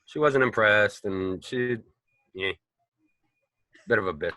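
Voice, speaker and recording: A man's voice: lowish voice, moderate pace, no echo. A man, an actor telling rambling, profane stories in a casual interview. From Boston, United States. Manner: animated, profane, rambling storyteller. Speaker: actor guest.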